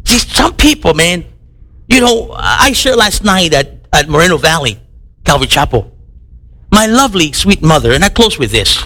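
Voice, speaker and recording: A man's voice: on the high side, big pitch swings, normal speed, pushed and bright. A middle-aged man from the United States preaching a sermon, acting out the voices of people in his stories. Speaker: pastor.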